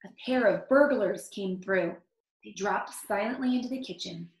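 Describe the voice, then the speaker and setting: A woman reading a picture book aloud to children, expressive, stopping to comment on the story. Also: mid-range voice, moderate pace. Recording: echoey room.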